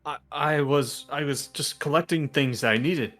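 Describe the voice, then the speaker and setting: A man's voice: a little high, normal speed, fairly bright tone, voice pushed up, close to an everyday voice. A man voicing a frightened male captive doctor who stammers and pleads in a panic. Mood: nervous.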